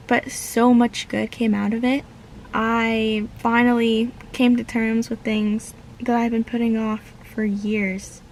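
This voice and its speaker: A woman's voice: on the high side, creaky, a little hiss or hum, low-quality recording. A young woman from the United States talking earnestly and heartfelt in a reflective personal vlog. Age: young adult. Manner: earnest and heartfelt, slow with pauses. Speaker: vlogger.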